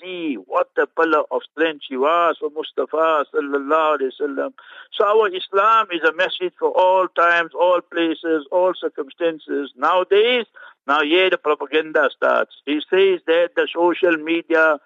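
A man translating and commenting on a Friday sermon, fervent and scornful, breaking into quick Arabic recitations. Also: a little high, sharp tone, no echo. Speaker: religious scholar commenting on a sermon. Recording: muffled radio broadcast.

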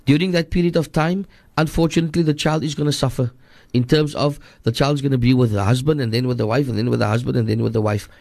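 Earnest Cape Town radio scholar, dry studio. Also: male voice, mid-range voice, fairly even intonation, fast talker, vocal fry, a little mellow, dry recording. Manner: earnest, repetitive, switches into Afrikaans. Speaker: radio guest scholar answering listener questions. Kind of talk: radio advice call-in.

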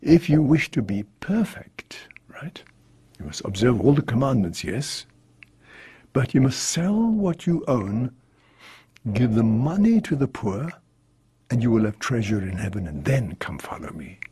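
A man reading the words of a calm male teacher giving moral counsel, in a measured, solemn way. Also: mid-range voice, breathy edge, dry recording, exaggerated voice. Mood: gentle, earnest.

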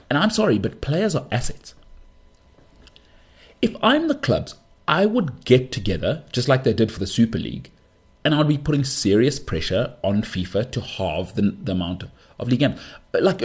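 Husky, animated male podcast host. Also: mid-range voice. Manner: ranting, rhetorical questions, quick asides. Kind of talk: opinionated sports podcast monologue.

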